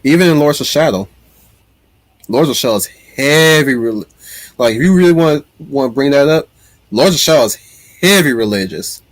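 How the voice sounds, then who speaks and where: Reading chat on his casual livestream, a man rambles animatedly and keeps restarting his sentences. His mid-range voice moves at a moderate pace with long pauses, and there is no echo.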